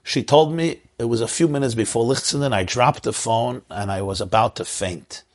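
A rabbi from Crown Heights, Brooklyn, tells an emotional story during a sermon, weaving Yiddish and Hebrew words into his speech. His voice sits in the mid range and moves at a normal speed.

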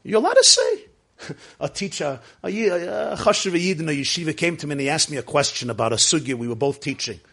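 A man teaching a Torah class to his listeners, emphatic and full of rhetorical questions, swinging between hushed, slow lines and loud, driving ones. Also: a little high, very animated, vocal fry.

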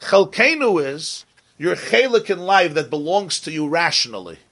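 A man's voice: fairly high pitch, sing-song, normal speed, fairly bright tone. A man giving a Torah class in English, pronouncing the Hebrew terms the Ashkenazi way, often repeating and rephrasing his points. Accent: Ashkenazi Hebrew pronunciation. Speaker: Torah teacher.

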